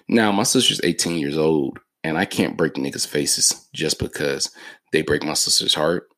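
Deep raspy podcast guy in his 30s, laid back, cussing and joking thru his stories, dry sound. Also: normal speed, a bit bright, no room sound. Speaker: podcast host. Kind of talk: casual solo podcast storytelling.

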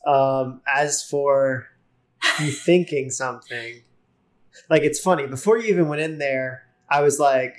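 A man of middle pitch chats as a guest on a casual podcast. He tells his stories in an easygoing way, filling his sentences with loose filler words. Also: a little slow. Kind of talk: casual conversational storytelling.

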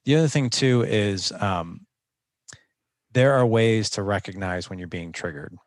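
A man's voice: on the low side, measured pace, no echo, studio quality. A man speaking as a guest coach in a conversational interview, earnest and instructive, often restarting his sentences.

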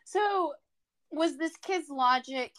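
A woman hosts a podcast in a relaxed, easygoing way, laughing often at her guest's stories. Her voice is high. She speaks slowly, with no rush. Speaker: podcast host. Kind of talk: casual interview chat.

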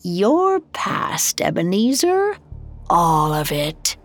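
A woman voicing a small, ageless ghost who speaks in a steady, calm voice in an audio drama story. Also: lowish voice, very slow, full character voice.

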